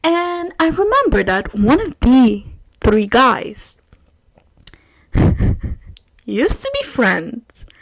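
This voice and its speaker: A young woman, hosting her own podcast and telling a story in casual chat, swinging from loud outbursts to hushed asides. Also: sits high, sing-song, very slow, pauses often. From Quebec, Canada. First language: French. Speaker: podcast host.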